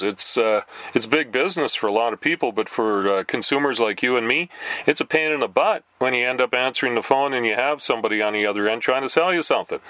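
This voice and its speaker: A man telling funny stories in a chatty monologue, with lots of fillers, laughing now and then. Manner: animated, jumps higher when reenacting calls. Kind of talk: casual storytelling monologue.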